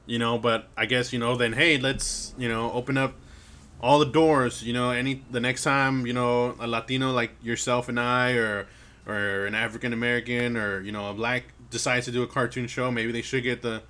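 A man thinks aloud in loose, casual chat, stopping and restarting with plenty of fillers. His voice sits at a middle pitch for a man, with a bright, forceful tone. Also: little pitch movement, moderate pace. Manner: hesitant, lots of fillers, swears casually.

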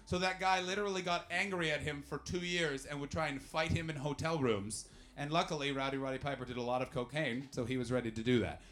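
A man from Canada works through a live stand-up set. He rambles from one tangent to the next, telling his stories in an animated way, and keeps turning to the crowd with asides and questions. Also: fairly high pitch, fast talker, few pauses. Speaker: stand-up comedian and podcast host.

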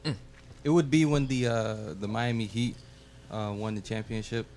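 A man on a casual podcast chat, answering haltingly with many fillers. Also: mid-range voice, a little mellow, slight background noise.

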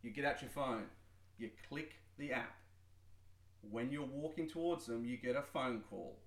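A man co-hosting a comedy podcast, telling stories in an animated way and acting out the people he quotes. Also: medium pitch, a little slow, echoey room. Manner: animated storyteller, acts out quoted voices. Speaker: podcast co-host. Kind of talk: casual comedic chat.

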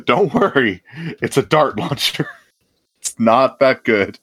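A man's voice: medium pitch, sing-song, takes it slowly, fairly bright tone, breathy edge, no echo. A man acting as game master, narrating a tabletop game in a laid-back way and chuckling often.

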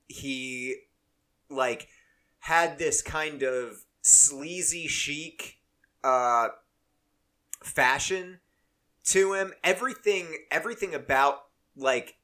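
A man's voice: mid-range voice, pushed and bright. A man co-hosting a casual sports podcast, rambling and joking as he talks. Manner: rambling, joking, self-interrupting. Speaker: podcast co-host. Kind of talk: casual chat.

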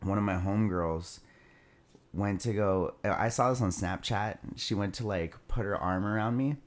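Deep-voiced young man telling a party story. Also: normal speed. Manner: loose and profane, laughs through the story. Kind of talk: casual storytelling.

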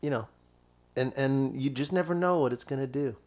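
A man, a musician guest, telling a story in casual chat, animated and profane with lots of restarts. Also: medium pitch, normal speed. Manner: animated, swearing, many restarts and fillers.

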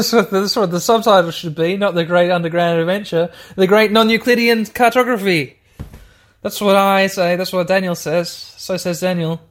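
A man talks through a text adventure on his own podcast. He rambles and mocks himself, and he keeps addressing his listeners directly. It sounds like a home podcast recording. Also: sits high. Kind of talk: casual let's-play commentary.

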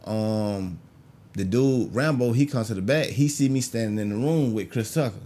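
A man, a comedian spinning a story in loose, casual talk. He is animated and jumps his voice up high whenever he acts out someone else's words. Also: normal speed. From Augusta, Georgia, US. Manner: animated, acts out quoted people with big pitch jumps. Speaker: stand-up comedian guest.

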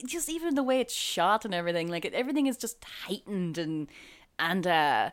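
A woman's voice: fairly low pitch, sing-song, a little fast. A woman co-hosting a film podcast, enthusiastic and gushing, full of "like" and "um". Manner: enthusiastic, gushing, many fillers. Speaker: podcast co-host. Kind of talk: casual film chat.

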